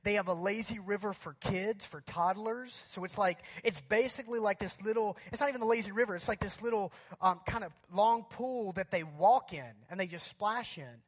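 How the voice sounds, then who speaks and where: A male pastor telling a humorous story in a sermon, chatty and animated, with lots of fillers. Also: high voice, normal speed, hardly any pauses. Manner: animated, chatty, many fillers like "like" and "you know".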